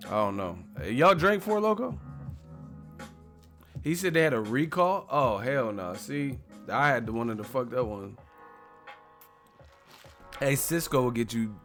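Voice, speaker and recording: A man's voice: mid-range voice, animated, unhurried, pauses often, fairly bright tone, soft background music. A man in his thirties, hosting a live stream, chats loosely and profanely, rambling and laughing as he reacts to viewer comments. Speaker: boxing stream host. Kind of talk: casual live-stream chat reading comments.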